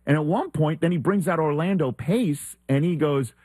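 A male sports talk host with a slightly husky voice tells a story in a relaxed, chatty way. He slips into the voices of the people he quotes, and the studio sound is close and dry. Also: on the high side, normal speed, no room sound. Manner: animated storyteller who acts out quoted exchanges. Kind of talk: casual anecdote telling.

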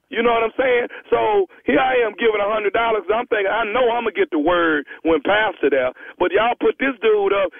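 A man's voice: high voice, no echo. A blustering, stammering man phoning in a complaint for a comedy skit, heard over a tinny phone line. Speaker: caller. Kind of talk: comedic prank phone call.

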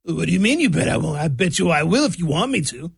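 Brief: man doing a flirty, drawling president send-up, cocky and fawning, a bit higher than his own voice. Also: big pitch swings, fast, gravelly, slightly rough, no echo, clean studio sound, heavily acted. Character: mocking impression of a fawning male president.

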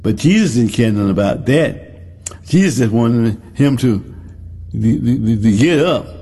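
A man's voice: mid-range voice, animated, measured pace, vocal fry, warm tone, husky. A man preaching a sermon, retelling a story in a folksy way and repeating phrases for emphasis. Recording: long hall reverb.

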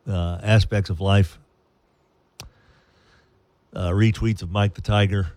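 A man's voice: on the low side, slight background noise. A man hosting a sports radio show in casual, playful banter with jokey asides.

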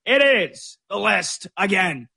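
A man's voice: high voice, sing-song, slow pace, vocal fry, very noisy. Chatty, opinionated male sports radio host. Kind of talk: casual sports talk. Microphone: studio microphone.

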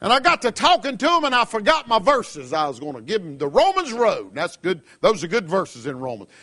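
A Southern American man preaching a radio sermon. He is impassioned, rises to shouts and acts out his listeners' objections. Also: high-pitched, huge pitch swings, brisk. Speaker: pastor.

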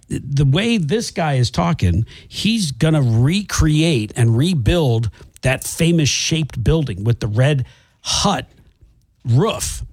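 A man with a husky voice co-hosts a radio show in casual chat. He rambles a little, restarting his sentences and filling gaps with "um" and "you know". The sound is dry and close to the mic. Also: mid-range voice, a little mellow, dry recording.

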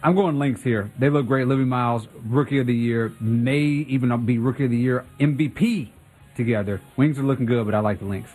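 Husky easygoing guest on sports radio. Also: male voice, mid-range voice, fairly quick, a little mellow, soft background music. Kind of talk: casual sports betting chat.

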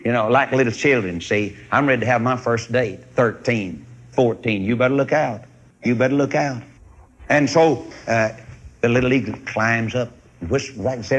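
A man preaching a sermon, telling a folksy story in a husky voice. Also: medium pitch, normal speed, a bit bright.

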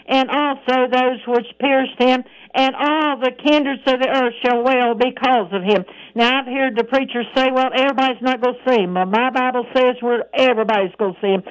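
Radio evangelist, woman, high and clear, fervent, peppers every line with praise. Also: low-quality recording. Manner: fervent, punctuated with "praise the Lord" and "thank God". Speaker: radio preacher. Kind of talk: radio sermon.

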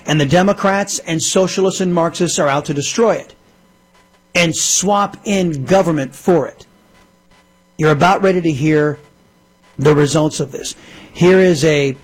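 A man's voice: high-pitched, husky. A man hosting a talk radio show, delivering an emphatic, indignant political monologue with lots of repetition into a studio microphone.

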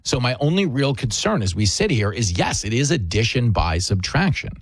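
A man's voice: medium pitch, big pitch swings, normal speed, slightly rough, no echo. A man hosting a show, delivering a sarcastic comedic monologue. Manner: sarcastic, mocking, puts on whiny voices.

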